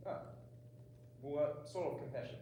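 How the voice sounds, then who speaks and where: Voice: medium pitch, measured pace, mellow, close to an everyday voice. An actor playing a bumbling, pompous police inspector questioning suspects, in an amateur stage comedy. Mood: officious. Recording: echoey hall, from far off, audible noise.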